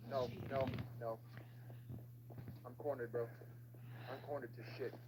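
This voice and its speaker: Excitable cursing man over background noise. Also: medium pitch, measured pace. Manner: excitable, cursing, yells in panic. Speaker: gameplay youtuber. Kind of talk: horror game reaction.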